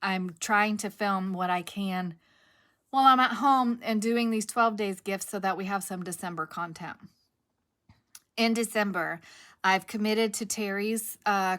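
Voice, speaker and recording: A woman's voice: mid-range voice, steady tone, moderate pace, a bit bright. Casting: middle-aged woman, craft vlog host, chatty and rambling, cough drop in mouth, mid-range voice. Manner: rambling, chatty, self-correcting. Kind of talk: casual chat to camera.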